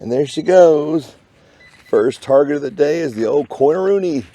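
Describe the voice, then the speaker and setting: A man's voice: on the high side, animated, moderate pace, warm tone. A man with a Texan accent narrating his metal detecting outdoors in a park, folksy and jokey, tossing out playful made-up words. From Texas. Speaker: metal detecting channel host. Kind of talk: casual narration while detecting.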